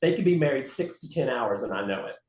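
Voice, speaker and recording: A man's voice: medium pitch, lively intonation, fast talker, a little mellow, reverberant. A man who works as a flight attendant, telling stories in an interview and mimicking the passengers he talks about. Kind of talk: conversational storytelling interview.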